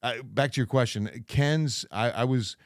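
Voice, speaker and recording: A man's voice: medium pitch, a little slow, vocal fry, dry recording, clean studio sound. A middle-aged man from New Jersey, a TV meteorologist and guest, telling stories in a casual podcast chat and acting out the people he quotes, with a neutral accent. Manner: lively storyteller, acts out quoted people.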